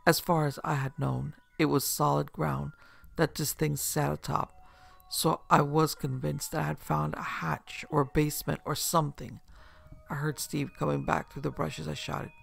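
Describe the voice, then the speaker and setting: A man narrating a first-person horror story in a steady, scripted telling. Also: a little high, normal speed, vocal fry.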